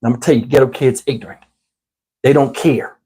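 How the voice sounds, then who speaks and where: A middle-aged man from New Jersey telling a comic story in a casual, animated, profane way, talking to listeners as y'all. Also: mid-range voice, quick pace, slightly rough.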